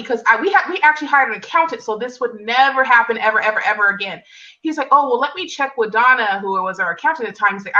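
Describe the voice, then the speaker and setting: Animated woman telling her story. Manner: animated storyteller, acts out quotes in higher pitch. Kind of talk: personal story in casual conversation. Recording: distant mic, dull lo-fi sound.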